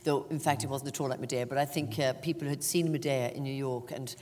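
Older irish lady, deep voice, chatty funny storyteller, big echoey hall. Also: fast talker. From Ireland. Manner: animated, self-mocking storyteller with frequent laughter. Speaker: actress, interview guest. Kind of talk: anecdotal stage interview. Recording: long hall reverb.

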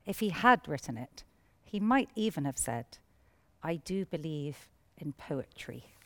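A woman introduces each poem with a scripted, expressive presenter's delivery. Her voice sits on the low side for a woman, and it swoops widely in pitch as she sets up each piece. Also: a little slow.

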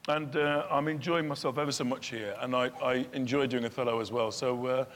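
A man's voice: medium pitch, steady tone, fairly quick, fairly bright tone. A man in his fifties, a guest chatting on stage, laughing often and acting out voices in his stories. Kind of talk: casual chat on stage. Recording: long hall reverb, faint room noise.

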